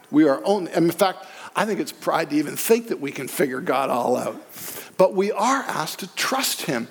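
A man's voice: high-pitched, creaky, in a large hall. A man preaching a sermon in a conversational way that rises to emphatic peaks. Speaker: pastor.

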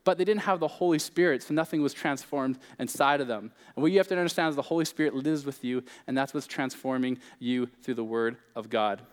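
A man's voice: mid-range voice, a little fast, hardly any pauses, smooth, in a large hall. A young man preaching a sermon as pastor, in a casual, joking, conversational way.

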